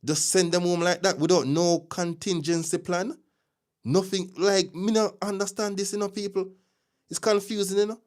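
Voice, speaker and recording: A man with a Jamaican accent hosting a casual live news stream, chatty and opinionated, greeting viewers with shout-outs as he talks through the day's news. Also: sits high, steady tone, moderate pace. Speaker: livestream news host.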